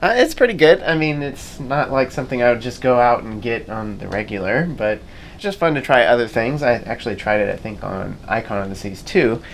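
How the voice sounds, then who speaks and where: A man's voice: medium pitch, lively intonation, a little fast, vocal fry. A middle-aged man chatting casually on a family travel vlog, easygoing and rambling with plenty of fillers. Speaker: family vlogger. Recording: faint background noise.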